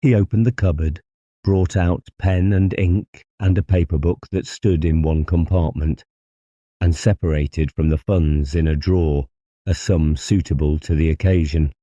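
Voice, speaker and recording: A man narrating a classic horror story in a slow, grave, deliberate way. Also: low-pitched, steady tone, warm tone, dry recording, highs cut off. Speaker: audiobook narrator.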